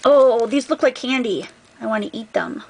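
A woman's voice: a little high, moderate pace, noisy background. A woman craft vlogger opening a gift package on camera, gushing over each item in a casual, effusive way. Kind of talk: casual unboxing vlog.

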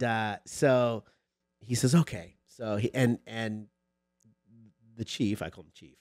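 A man's voice: no room sound, studio quality. A man telling a funny story in a casual chat, acting out quoted dialogue. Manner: animated storyteller, acts out quoted dialogue with rising pitch. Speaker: sports lawyer podcast guest.

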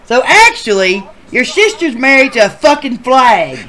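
A performer voicing a foul-mouthed, easily riled man telling a tale in a Sims machinima game show. He drops to low grumbles, then climbs into loud, incredulous shouting. His pitch swings widely the whole way through. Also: big pitch swings, normal speed, slight background noise, full character voice. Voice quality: profane, swings from mumbling to shouting. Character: crude rambling male storyteller, easily riled.

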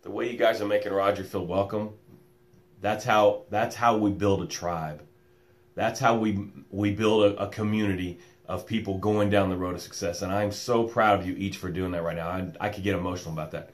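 A man hosting a live motivational stream, welcoming viewers by name and guiding slow breaths. He calls himself loud and boisterous. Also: sits low, steady tone. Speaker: motivational coach and show host. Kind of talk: live-stream pep talk with guided breathing.

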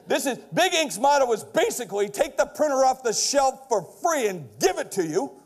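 Man, middle-aged, keynote speaker, brash and punchy, very high voice, keeps asking the crowd "okay?". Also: big pitch swings, moderate pace. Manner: brash, punchy, builds up to loud shouted punchlines. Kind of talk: energetic stage keynote. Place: large lecture hall before a live audience.

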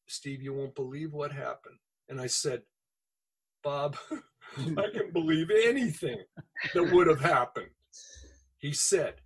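Husky high-voiced man telling his testimony. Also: a bit bright, poor audio. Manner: earnest, heartfelt storytelling. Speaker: podcast guest. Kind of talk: emotional personal testimony.

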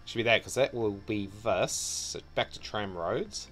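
A man's voice: lowish voice, unhurried, a bit bright, faint music behind. A man thinking aloud as he streams a city-building game, trailing off and correcting himself often. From New Zealand. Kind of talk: casual gameplay commentary.

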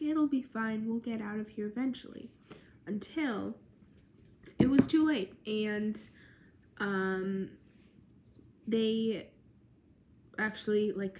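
Tired young woman, slow chatty history talk. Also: medium pitch, darkish tone, slight background noise. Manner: chatty, lots of "like" and "um" fillers. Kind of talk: casual history explainer.

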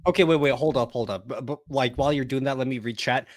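A male co-host on a podcast who talks casually, laughs loudly and reads the chat aloud. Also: medium pitch, fast talker.

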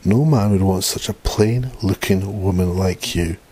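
Guy reading as a nasty sneering bully of a husband, low husky voice, pure contempt. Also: a little slow, a little mellow. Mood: contemptuous. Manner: scornful and threatening. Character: cruel sneering abusive man, stepfather.

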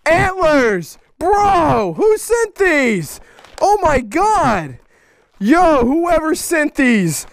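A man hosting a casual fan mail vlog, excitable, loud and swearing constantly. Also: extremely high pitch, extremely slow, gravelly, no echo. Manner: excitable, loud and heavily profane. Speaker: YouTuber host.

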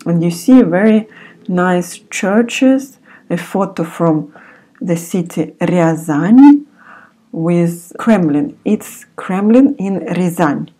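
A woman with a Russian accent teaching a language lesson, pronouncing each word slowly and repeating it several times. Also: fairly low pitch, lively intonation, dark tone.

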